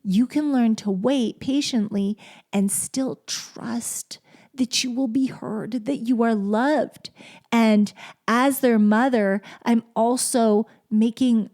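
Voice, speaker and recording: A middle-aged woman hosting a solo podcast, talking in a gentle, heartfelt, reflective way. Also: on the high side, steady tone, slow pace. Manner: heartfelt, gentle, turns emotional and tearful. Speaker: podcast host.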